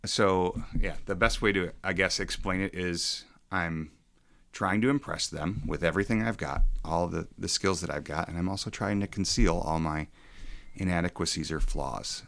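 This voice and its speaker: A pastor in his forties who talks in a halting, reflective way, with many ums and restarts. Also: low-pitched, vocal fry, a bit bright. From suburbs of Chicago. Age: 40s. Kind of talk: casual podcast conversation.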